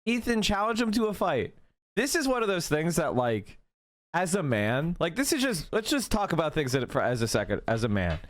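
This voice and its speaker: A man's voice: wildly swooping pitch, fairly quick, dry recording, studio quality. Ranting, profane streamer man. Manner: ranting, profane, mocking, swings between shouting and low mutters. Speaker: streamer reacting to a video. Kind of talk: livestream reaction commentary.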